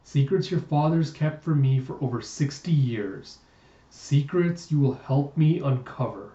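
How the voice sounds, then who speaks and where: A man voicing a sinister old male doctor, calm and cruel, who draws out his words and drops the ends of sentences low and soft. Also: close to an everyday voice. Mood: menacing. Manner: slow, drawn-out menace, name-endings dropped low and soft. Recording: roomy, distant, dull lo-fi sound.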